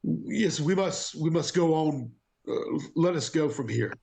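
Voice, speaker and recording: A man plays a tormented monk with a rough, gravelly voice pitched well above his usual speech. He pleads and cries out in anguish at visions only he can see. The tone is tearful and shaken. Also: lively intonation, a little slow, a little mellow. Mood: shaky resolve.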